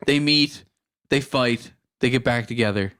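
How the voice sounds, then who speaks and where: A man co-hosting a podcast in casual chat, retelling scenes quickly and with enthusiasm. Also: medium pitch, fairly bright tone, smooth. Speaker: podcast co-host.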